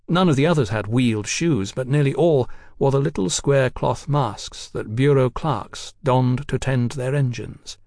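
A man's voice: mid-range voice, a little slow, few pauses, no echo. Man narrating in a dry, close voice. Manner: steady, even storytelling. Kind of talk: audiobook narration.

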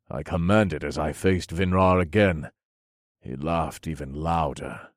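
A man narrating a first-person fantasy audiobook in a measured, steady storytelling manner. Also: extremely low pitch, no room sound, clean studio sound.

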